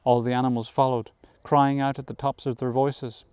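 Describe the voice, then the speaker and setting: A man reads a classic novel aloud in a measured storytelling manner, sometimes correcting a slip. His voice sits at a middle pitch and sounds smooth and resonant. The recording is close and dry. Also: little pitch movement, a little mellow, dry recording. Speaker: audiobook reader. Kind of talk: scripted narration of a novel.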